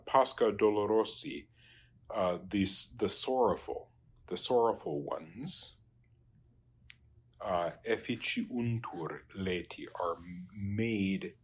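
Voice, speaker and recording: A man working through Latin translation exercises as a teacher, halting and trailing off quietly. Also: sits low, husky. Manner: halting, many fillers and restarts, trails off quietly.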